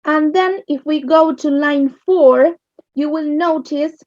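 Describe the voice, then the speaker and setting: A woman with an Argentine accent teaching English literature, explaining slowly and checking understanding with "yes?". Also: high voice, darkish tone, dry recording. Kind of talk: recorded online lesson. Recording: dull lo-fi sound.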